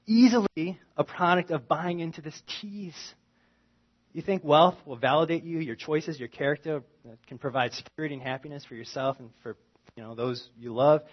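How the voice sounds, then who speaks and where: A man preaching a sermon with a fairly high voice, talking to his congregation in an easy, conversational way. He swings between loud, emphatic lines and quiet asides. The recording sounds dull and muffled. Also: normal speed. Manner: animated, conversational preaching with wide swings in loudness. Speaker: pastor.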